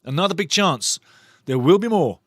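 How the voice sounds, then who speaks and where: A man hosting a live football watchalong, calling the match excitedly and reading chat messages aloud. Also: sits high, normal speed, no echo, clean studio sound. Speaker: watchalong host. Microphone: studio mic.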